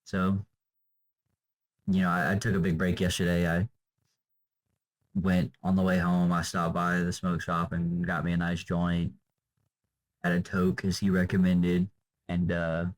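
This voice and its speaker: A man's voice: low voice, monotone, unhurried, long pauses, poor audio. A young man vlogging off the cuff, tired and drained, talking in a loose, meandering way with lots of fillers and trailing off. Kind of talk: unscripted rambling monologue.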